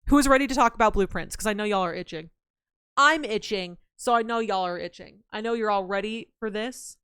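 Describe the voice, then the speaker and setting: A woman's voice: mid-range voice, brisk, smooth, no echo, clean studio sound. A young woman streamer chatting casually with her chat, telling stories and laughing, with a slightly scratchy throat. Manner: chatty, laughing, reads chat aloud, animated storytelling.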